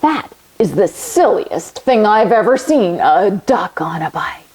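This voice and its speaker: A woman voicing a scornful farm cow in a children's storybook reading, speaking in a dismissive, hushed way. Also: on the high side, big pitch swings, unhurried, pitched below the performer's own voice.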